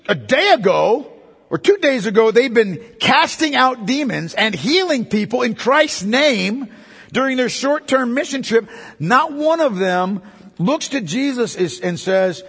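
Male pastor, high husky voice, emphatic conversational sermon, long hall echo. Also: fairly bright tone. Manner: emphatic, conversational preaching with rhetorical questions.

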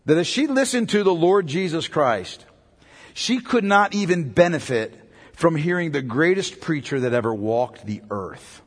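A man's voice: on the high side, expressive, a little slow, breathy edge, in a large hall. A pastor preaching a sermon, driving his points home through repetition and rhetorical questions.

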